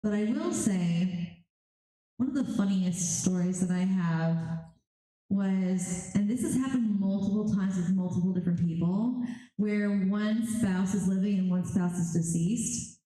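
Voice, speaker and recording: Animated woman storyteller in echoey hall. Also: medium pitch, measured pace. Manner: animated, acts out the voices of spirits and clients. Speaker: psychic medium. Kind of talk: storytelling on a convention panel. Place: large convention hall.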